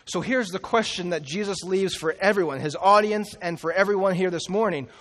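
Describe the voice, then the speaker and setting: Man, preacher, sermon, lively storytelling, fairly high voice, long hall reverb. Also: fairly quick. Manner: animated storytelling, acting out the characters' lines. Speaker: pastor.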